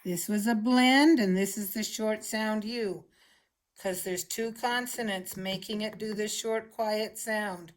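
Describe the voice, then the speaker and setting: A woman with a medium-pitched voice teaches a children's phonics lesson, explaining words slowly and patiently with clear enunciation.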